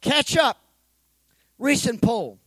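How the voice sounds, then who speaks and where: A male pastor preaching an energetic sermon, calling for responses from the congregation and joking in between. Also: very high voice, takes it slowly, no echo, rough recording. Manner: joking asides.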